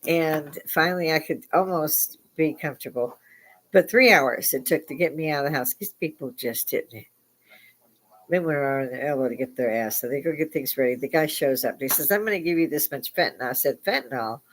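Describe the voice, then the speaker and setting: A woman's voice: low-pitched, normal speed. Profane, blunt woman telling a story. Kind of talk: live storytelling. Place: bar.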